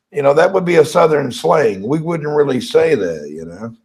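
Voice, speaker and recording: A man's voice: a little high, big pitch swings, moderate pace, few pauses, a little mellow, poor audio. A man hosting a casual live-stream chat, making wry jokes and reading out viewer comments. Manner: wry, jokey asides, reads viewer comments. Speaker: host. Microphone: phone or webcam on a live stream.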